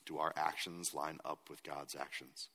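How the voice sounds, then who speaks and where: Low-voiced pastor giving a sermon, bright edge, long church reverb. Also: male voice, flat delivery, normal speed, vocal fry. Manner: earnest, builds to emphatic.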